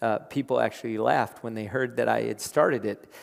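A man preaching a sermon. He repeats his phrases and builds from quiet talk to loud, emphatic preaching. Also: medium pitch, fairly even intonation, moderate pace, gravelly. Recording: long hall reverb.

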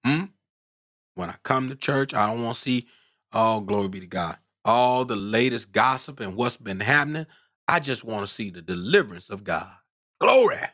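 A man preaching a sermon, drawing out scripture slowly and asking "hmm?" between points, climbing into fervent shouts. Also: no room sound, clean studio sound. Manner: call-and-response "hmm?", rising to fervent shouts; drawls scripture slowly, then climbs in pitch when worked up.

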